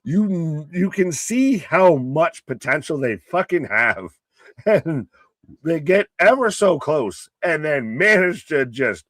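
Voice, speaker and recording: A man's voice: a little high, sing-song, slow pace, fairly bright tone, no room sound. An American man co-hosting a live wrestling reaction stream, talking casually with jokes, loose comparisons and plenty of swearing. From United States. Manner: joking, profane, loose analogies. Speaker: co-host.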